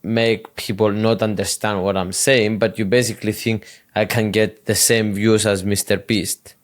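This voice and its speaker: A man with a non-native English accent hosting a podcast, asking questions hesitantly with many pauses. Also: on the low side, level tone. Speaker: podcast host. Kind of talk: interview questions.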